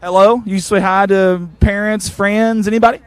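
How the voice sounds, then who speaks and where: A man, reporting from the sideline of a football field after a game and interviewing people with eager, warm praise. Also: high voice, moderate pace, clear, resonant tone. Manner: excited, warm toward players, repeats "I'm gonna tell you something".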